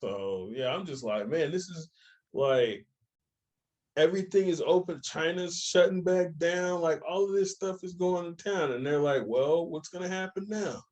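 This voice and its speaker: A young man co-hosting a casual chat, telling stories with animated voices for the people he quotes. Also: on the high side, normal speed. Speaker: podcast co-host.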